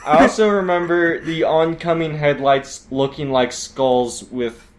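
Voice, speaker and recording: A man's voice: on the high side, fairly even intonation, measured pace. A man co-hosting a podcast in casual chat, laid-back, mostly giving short replies. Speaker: podcast co-host.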